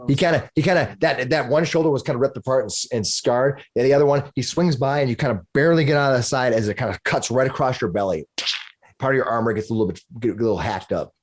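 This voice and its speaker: A man's voice: mid-range voice, fast. A man acting as dungeon master for a tabletop game, narrating the monsters' actions with relish.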